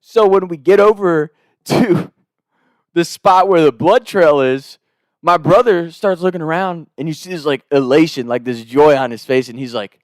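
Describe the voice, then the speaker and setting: A man's voice: a little high, moderate pace, no echo, clean studio sound. A man casually telling a comic story, rambling and profane, laughing between his lines.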